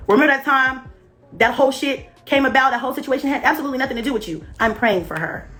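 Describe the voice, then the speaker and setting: A woman's voice: sits high, fast talker, a bit bright. A woman on a livestream, delivering a confrontational, profane rant at a former friend.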